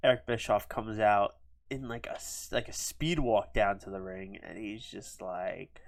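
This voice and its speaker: A man giving quick, offhand casual commentary on a wrestling sim game, with fillers. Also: fairly low pitch, fairly even intonation, dry recording. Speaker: gaming video host.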